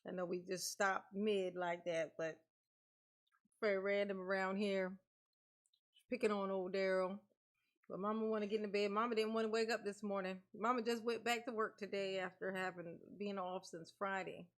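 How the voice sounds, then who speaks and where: A woman's voice: medium pitch, flat delivery, moderate pace. A woman vlogger in casual chat, playfully mocking and laughing, calling herself Mama. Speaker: commentary channel host.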